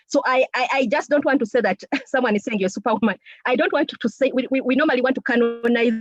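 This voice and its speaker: A lively woman gives a motivational talk to a room of women, animated and direct. Her voice sits fairly high. The recording is dry and dull, like lo-fi audio. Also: no echo. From Uganda. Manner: lively, animated, laughs often, addresses listeners directly. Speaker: chief technical officer and co-founder speaking to a women's group. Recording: dull lo-fi sound.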